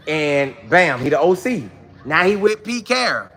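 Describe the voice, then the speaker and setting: A man hosting a casual sports talk show, talking straight to his viewers in an excited, slangy way and repeating his lines for emphasis. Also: a little high, a little slow.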